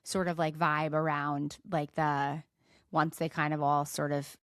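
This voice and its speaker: A middle-aged woman co-hosts a podcast in easy, chatty talk. She strings her thoughts together with frequent fillers and quick, rising questions. The sound is close and dry. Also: deep voice, flat delivery, fairly bright tone, dry recording. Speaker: podcast co-host. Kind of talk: casual chat.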